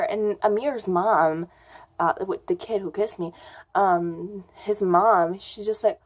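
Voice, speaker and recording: Young female vlogger, unhurried delivery, loose and rambling casual storytelling. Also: medium pitch. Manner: rambling, filler-heavy storytelling.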